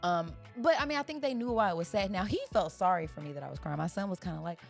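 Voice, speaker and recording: Gravelly-voiced woman, lower pitch. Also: quick pace, soft background music. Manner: expressive, laughs while talking. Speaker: podcast co-host. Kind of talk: casual chat.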